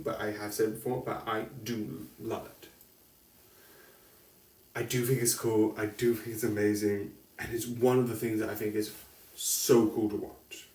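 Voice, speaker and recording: A man's voice: on the low side, darkish tone. A man giving a casual, rambling film review, correcting himself often and laughing between thoughts. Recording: echoey room, distant mic.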